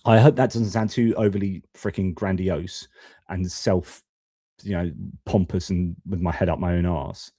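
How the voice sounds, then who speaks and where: A man's voice: sits low, steady tone, moderate pace, warm tone, breathy edge, dry recording, studio quality. A man, hosting a live stream and giving blunt, casual commentary with swearing and frequent restarts. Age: 40s. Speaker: host of a geopolitics live stream.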